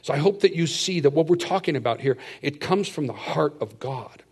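Animated middle-aged man preaching a sermon. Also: on the high side, a little fast, husky. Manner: animated storytelling, swinging from hushed asides to loud emphatic declarations. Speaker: pastor.

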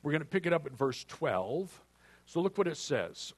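A man's voice: a little high, big pitch swings, moderate pace, husky. A man preaching a sermon as pastor, retelling a story in a conversational way with playful asides and acted-out lines of dialogue. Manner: acts out dialogue voices while retelling.

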